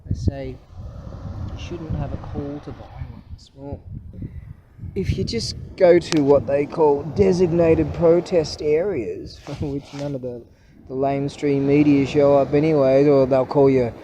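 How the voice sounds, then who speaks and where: A man's voice: fairly high pitch, measured pace, noisy background. A man in a casual, profane, rambling rant, talking in a scornful way. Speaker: vlogger.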